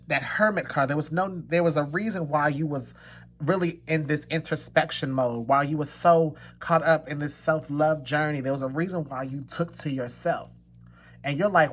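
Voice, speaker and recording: In a husky, fairly high, fairly bright voice, a male tarot reader walks viewers through a pick-a-card spread. He's emphatic and repetitive to reassure them, with bursts of laughter and exclamations.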